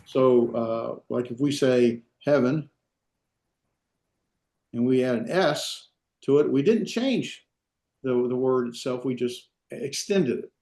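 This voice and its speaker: A man teaching a classroom lesson, halting with fillers and restarts, with dry asides. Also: medium pitch, a little mellow. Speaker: Hebrew teacher. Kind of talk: classroom lecture. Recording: echoey classroom.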